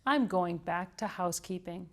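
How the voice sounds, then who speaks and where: A woman's voice: lowish voice, normal speed, natural voice. A woman voicing Amelia Bedelia, an earnest, chatty housekeeper from a storybook. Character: cheerful literal-minded housekeeper woman.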